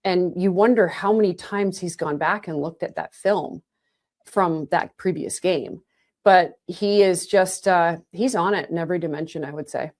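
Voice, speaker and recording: A woman with a slightly low voice joins a sports podcast as a guest analyst. She speaks in an emphatic, conversational way and drops in quick asides. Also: a little mellow. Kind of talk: casual podcast chat.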